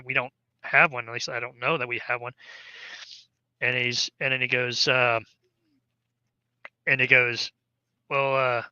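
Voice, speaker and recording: A man's voice: mid-range voice, pushed and bright, smooth, no room sound, dull audio. A man, an army veteran, casually telling a long story in an interview, rambling with many fillers and restarts.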